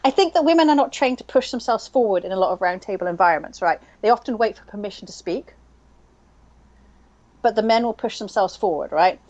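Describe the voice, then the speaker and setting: A woman's voice: medium pitch, animated, brisk, a little mellow, dull audio. Rambling woman co-hosting a mahjong stream. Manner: rambling, thinks aloud with many fillers. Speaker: stream co-host. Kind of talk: casual chat while playing online mahjong.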